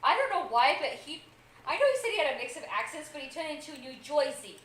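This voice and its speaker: A woman's voice: sits high, sing-song, fast, fairly bright tone, echoey room, recorded from a distance. A woman co-host chatting playfully on a stream, reading out viewers' comments. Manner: playful, reads chat aloud. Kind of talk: casual live-stream chat.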